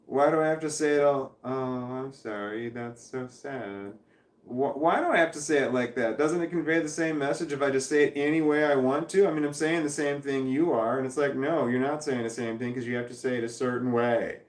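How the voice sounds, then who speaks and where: A man's voice: a little high, fairly even intonation, fast, few pauses. Rambling middle-aged man in an echoey room. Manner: rambling, frequent restarts and fillers, blunt swearing. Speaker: vlogger reading viewer comments. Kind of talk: casual rambling livestream chat.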